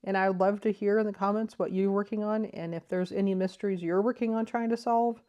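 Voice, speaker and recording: A woman speaks a little fast, with a medium pitch and fairly even intonation, while hosting a crochet vlog in her living room. She explains things thoughtfully and enthusiastically in a soft voice, with frequent ums.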